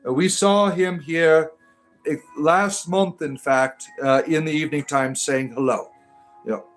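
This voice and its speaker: A man's voice: a little high, steady tone, measured pace, soft background music. A man from Detroit hosting a casual livestream, reading viewer comments aloud and answering them in a rambling, hesitant way with many fillers and restarts. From Detroit, Michigan. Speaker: livestream host reading chat.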